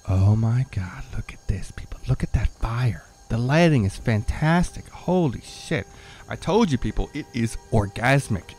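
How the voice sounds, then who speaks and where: A man giving casual, excitable gameplay commentary, rambling with fillers and cursing as he talks to the screen. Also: mid-range voice, noisy background. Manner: rambling with many fillers and repeats. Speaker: gamer showing off a modded game.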